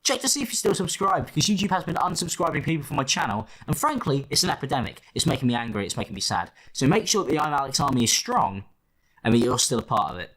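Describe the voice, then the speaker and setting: Sarcastic man with a lively voice. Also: a little high, fast. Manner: sarcastic, theatrical, mock-whiny. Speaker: host. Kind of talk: reaction commentary.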